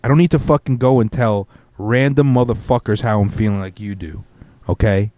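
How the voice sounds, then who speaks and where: A man's voice: fairly low pitch, fairly quick, mellow, dry recording. A young man hosting a solo podcast, ranting bluntly with heavy swearing. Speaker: podcast host.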